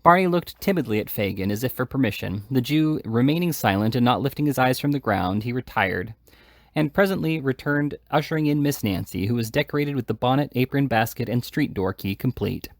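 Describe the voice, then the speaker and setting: A man's voice: medium pitch, animated, a little fast, dry recording, clean studio sound. Man reading a classic novel aloud. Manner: casual, with slips and restarts. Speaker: reader. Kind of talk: audiobook reading.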